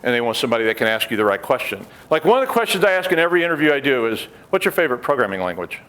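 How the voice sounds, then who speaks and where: A middle-aged man giving a conference talk, an animated storyteller who acts out the people he quotes and drops wry joking asides. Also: mid-range voice, racing, smooth. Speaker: conference speaker.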